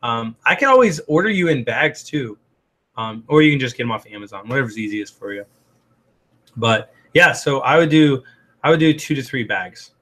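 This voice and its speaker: A man in his easy live-stream chat voice, medium in pitch and upbeat. He rambles cheerfully through viewer comments, leaning on "um" and restarting his sentences as he goes. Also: animated, moderate pace, fairly bright tone. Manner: chatty and upbeat, loose with fillers and restarts. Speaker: host answering live chat.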